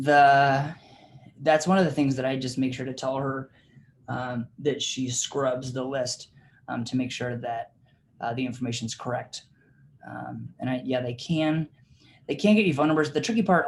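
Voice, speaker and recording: Guy teaching a class over a video call, mid pitch, super casual, lots of ums, laughs through stories. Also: steady tone, moderate pace, a little hiss or hum. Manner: chatty and informal, many fillers, laughs while telling stories. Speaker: real estate class instructor. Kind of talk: casual teaching of a training session.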